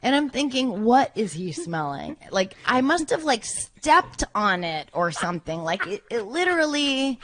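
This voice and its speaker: A woman telling a story on a podcast in a casual, animated way, acting out what people said. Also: on the high side, unhurried, hardly any pauses. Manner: animated, acts out quoted lines. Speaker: podcast guest.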